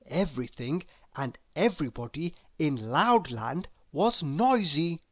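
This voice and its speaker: A woman reading a children's story aloud, expressive and asking the listener questions. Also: sits low, a little slow.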